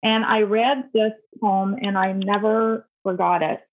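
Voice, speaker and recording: A woman's voice: mid-range voice, steady tone, measured pace. A woman who owns a store, a guest on a podcast, speaking earnestly and reflectively, often starting sentences over. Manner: reflective, earnest, many restarts. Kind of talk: casual interview chat. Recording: phone-like line with faint noise.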